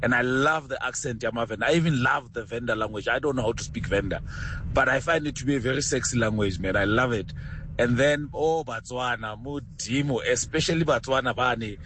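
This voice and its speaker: A man's voice: medium pitch, fairly quick. Man, Sesotho South African accent, radio caller, exuberant, faint background noise. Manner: exuberant, animated. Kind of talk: phone-in comment.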